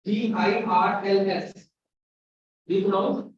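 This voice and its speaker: A man's voice: high-pitched, steady tone, a little slow, a little hiss or hum. A man with an Indian English accent teaching a pronunciation lesson, spelling out words letter by letter and repeating each one. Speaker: university lecturer. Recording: dull echoey room from far off.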